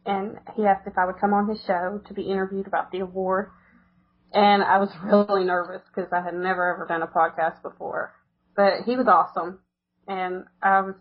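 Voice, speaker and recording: A woman's voice: medium pitch, narrow, tinny audio. A woman from the United States, telling stories as a podcast guest in a casual, chatty way and laughing often. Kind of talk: casual interview chat.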